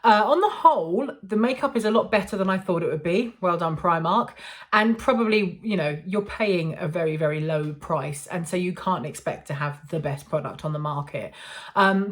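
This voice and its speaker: A woman's voice: medium pitch, normal speed. A woman, chatting to camera in a casual make-up review, self-amused and full of ums. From England. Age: 40s. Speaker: beauty vlogger.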